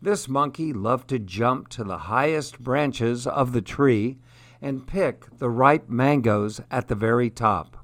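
A man reading a children's story aloud in a measured, unhurried way. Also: mid-range voice.

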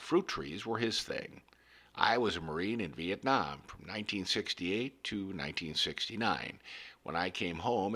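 A man reading a first-person story aloud in a measured, earnest way. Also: low-pitched, pushed and bright, husky. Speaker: reader of a story.

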